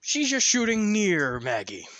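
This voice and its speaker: A man narrating a fan story in a loose, chatty way. He talks slowly with a lively pitch. The recording is close and dry. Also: no room sound. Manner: loose, conversational, with fillers. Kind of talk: casual fan fiction storytelling.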